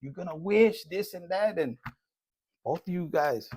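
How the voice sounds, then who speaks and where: A man's voice: sits high, expressive, a little mellow, slight background noise. A man giving a casual collective tarot reading, blunt and profane, joking and dropping in Spanish slang. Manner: reads card messages aloud slowly. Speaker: tarot reader.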